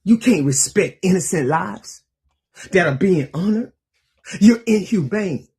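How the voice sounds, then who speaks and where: A woman's voice: on the low side, lively intonation, a little slow, mellow, slightly rough. A woman in angry, impassioned political commentary, preaching with rhetorical questions.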